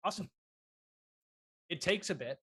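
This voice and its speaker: Male dungeon master, slightly high voice, relaxed and halting, dry close sound. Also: slightly rough, no room sound. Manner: relaxed, halting, many fillers and restarts. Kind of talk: running a tabletop game.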